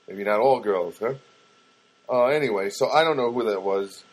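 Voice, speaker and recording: A man's voice: on the low side, normal speed, breathy edge. A middle-aged man hosting a podcast, talking in a rambling, wry, self-mocking comic monologue. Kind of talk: casual comedic monologue.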